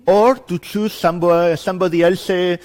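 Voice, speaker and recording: A man's voice: sits high, fairly even intonation, moderate pace, darkish tone. A man with a Spanish accent giving an improvised, chatty, self-deprecating introduction to a lab at a conference. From Spain. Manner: self-deprecating, chatty, laughs between lines. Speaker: conference speaker. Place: conference room with audience.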